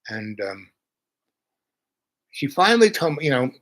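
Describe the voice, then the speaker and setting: A man's voice: mid-range voice, big pitch swings, unhurried, a bit bright, low-quality recording. A man in his seventies telling rambling personal stories in a chatty, meandering way. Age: 70s. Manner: meandering, chatty, jumps between thoughts. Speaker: channel host.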